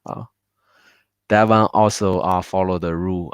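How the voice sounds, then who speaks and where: Low smooth voice, man w teaching online, dry close sound. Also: moderate pace, no room sound. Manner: patient, drills words aloud with many fillers. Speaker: Mandarin teacher. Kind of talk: live online language class. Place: home.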